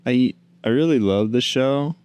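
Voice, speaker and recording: A man's voice: mid-range voice, measured pace, darkish tone, clean tone. A man hosting a podcast, rambling dryly on his own and talking to his pet. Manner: rambling, dry, talks to a pet. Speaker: podcast host. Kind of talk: casual solo chat.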